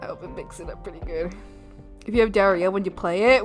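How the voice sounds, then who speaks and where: A woman's voice: mid-range voice, quick pace. A young woman streamer chatting casually to her viewers, rambling and giggling with crude, playful jokes and lots of fillers. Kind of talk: casual live-stream chat. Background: soft background music.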